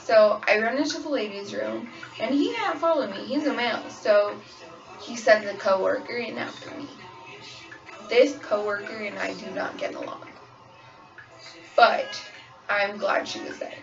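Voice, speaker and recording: Gravelly young woman on a lo-fi vlog. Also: mid-range voice, lively intonation, measured pace, distant mic, faint music behind. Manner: candid, frank, storytelling. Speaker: waitress sharing her experience. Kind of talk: personal vlog confession. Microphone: phone camera. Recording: dull lo-fi phone recording, voice a bit off-mic, pop song playing behind. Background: pop song playing on repeat.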